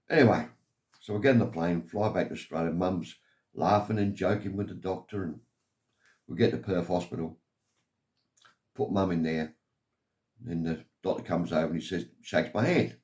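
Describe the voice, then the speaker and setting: Older man from England, deep low voice, rambling, aggrieved storytelling. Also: a little fast, darkish tone. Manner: meandering, aggrieved, keeps saying "anyway". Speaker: vlogger telling his life story.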